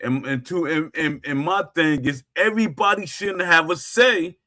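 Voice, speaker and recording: A man's voice: fairly high pitch, normal speed, sharp tone. A man hosting his own gaming talk stream, speaking emphatically and repeating his points, often restarting his sentences. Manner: emphatic and repetitive, circling back to points. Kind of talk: casual livestream rant.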